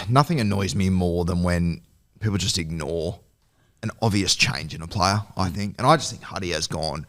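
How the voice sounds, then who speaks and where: Deep-voiced, opinionated Australian man. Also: normal speed. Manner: earnest, opinionated. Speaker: podcast co-host. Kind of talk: casual sports chat.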